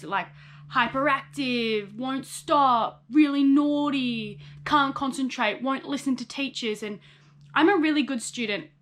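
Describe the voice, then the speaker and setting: A woman's voice: a little high, fairly bright tone. A young woman speaks in a raised, light register. She tells her own story candidly and frankly, in a personal vlog, and she slips into the voices of the people she remembers. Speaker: psychologist in training sharing her story.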